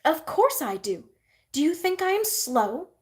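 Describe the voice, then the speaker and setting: A woman's voice: high voice, normal speed, close to an everyday voice. A woman voicing a bold, sassy little girl who speaks in an eager, pert way.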